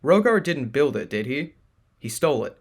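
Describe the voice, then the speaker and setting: A man's voice: fairly high pitch, sing-song, normal speed, slightly rough. A man doing an eager creature guide. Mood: explaining. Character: anxious male creature guide, earnest.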